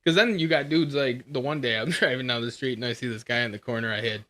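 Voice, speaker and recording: Bright-toned male host, animated and profane, tells stories and voices the people in them. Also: medium pitch, fast. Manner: profane, animated storytelling with laughs; acts out quoted people in shifting voices. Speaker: podcast host. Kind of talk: casual bar-room chat.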